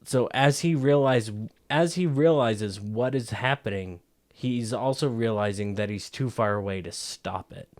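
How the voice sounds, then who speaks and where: A man's voice: medium pitch, a little slow, a little mellow, no echo. A man co-hosting a casual movie podcast, explaining film camera work at length with many fillers and restarts. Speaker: podcast co-host.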